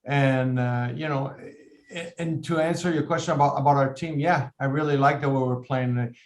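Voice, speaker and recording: A man in his fifties answering interview questions as a team president, earnest and measured, with halting restarts. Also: medium pitch, steady tone. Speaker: team president, podcast guest.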